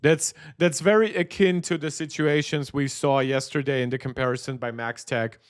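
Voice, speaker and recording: A man streaming casually, reacting to tech videos and reading chat aloud with quick laughing asides. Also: mid-range voice, steady tone. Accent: mixed, not clearly regional. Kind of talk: casual live-stream commentary. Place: Berlin.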